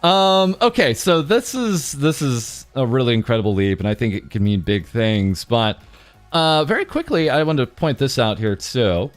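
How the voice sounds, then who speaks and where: A man's voice: medium pitch, very animated, normal speed, no room sound, soft background music. A man hosting an interview, asking questions casually with frequent hesitant fillers. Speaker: interviewer host.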